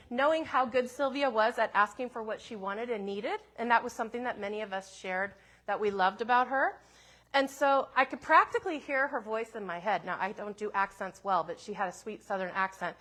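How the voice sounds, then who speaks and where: A woman minister telling a personal story in a sermon, in a gentle, reflective way with soft asides. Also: on the high side, fairly quick.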